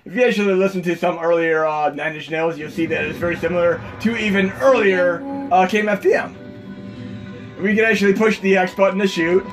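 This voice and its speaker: Guy with a high voice rambling about games at his home pc, loud game music going behind him. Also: fairly quick. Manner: enthusiastic, rambling, frequent "uh" fillers. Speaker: retro gaming video host. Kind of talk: casual gameplay commentary. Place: home computer setup.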